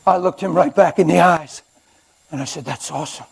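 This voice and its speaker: An older man preaching a sermon in a church, conversational and animated with sudden loud outbursts. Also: high voice, normal speed, vocal fry, slightly rough.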